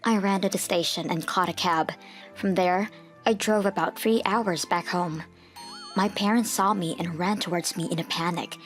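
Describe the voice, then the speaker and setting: A woman narrating a manga dub, telling the story earnestly and turning hushed at tense moments. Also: lowish voice, normal speed, soft background music.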